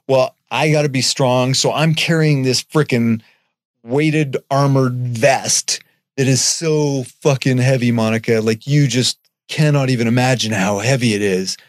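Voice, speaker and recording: A man talking earnestly in a casual podcast conversation, getting animated and swearing now and then. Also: mid-range voice, a little slow, no echo, clean studio sound.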